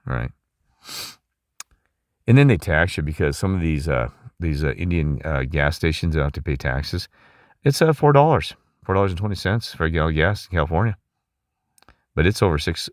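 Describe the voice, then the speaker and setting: Very deep-voiced man, rambling and emphatic. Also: no echo, clean studio sound. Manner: rambling and emphatic, many restarts, asks listeners questions. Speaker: channel host. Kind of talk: rambling monologue to viewers.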